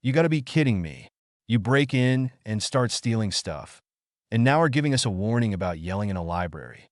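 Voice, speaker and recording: A man voicing a brash, loud young male ninja who whines and shouts, in a dry recording. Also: lowish voice, big pitch swings, fairly quick, dry recording. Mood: grumbling. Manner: whiny, loud.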